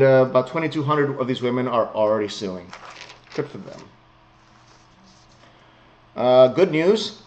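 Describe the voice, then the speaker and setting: A sarcastic man riffs bluntly through a batch of news items, chuckling at his own jokes. His voice sits at an ordinary middle pitch. The home recording sounds a little dull and muffled. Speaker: vlogger reading news. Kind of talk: casual news commentary.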